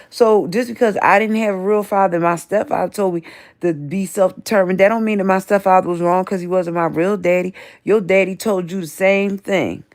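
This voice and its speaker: Her voice is medium-pitched with a darkish tone. She's a woman in her 50s hosting a livestream, reading the chat and ranting repetitively and confrontationally, calling out specific people directly.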